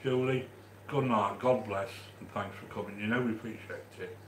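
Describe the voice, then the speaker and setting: Reading out his chat on a casual live stream, a low-voiced Midlands Englishman talks at a normal speed, chatty and affectionate, restarting his sentences often. The sound is reverberant, with a bit of background noise.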